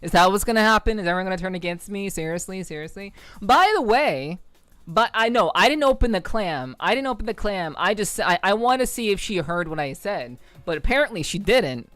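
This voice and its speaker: A woman's voice: medium pitch, lively intonation, a little fast, a bit bright, dry recording. A woman VTuber streamer chatting casually with her viewers, repeating phrases and swearing offhand.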